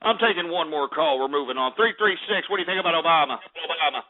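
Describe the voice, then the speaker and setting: A loud Texan man hosts a talk radio show, cursing and ranting in sudden bursts. His voice sits high. The sound is thin and tinny, like a phone line. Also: fast. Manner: loud, cursing, shouts in outbursts.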